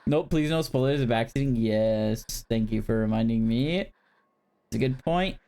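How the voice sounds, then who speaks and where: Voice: mid-range voice, measured pace, dark tone. A streamer chatting casually with viewers while playing a horror game, talking directly to the chat and giggling often.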